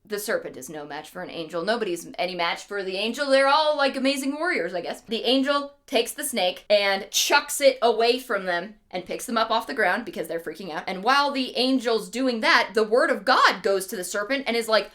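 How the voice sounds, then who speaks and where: Bright, wry woman retelling a story. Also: a little high, animated, brisk, few pauses. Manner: irreverent, wry asides. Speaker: streamer. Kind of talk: casual storytelling.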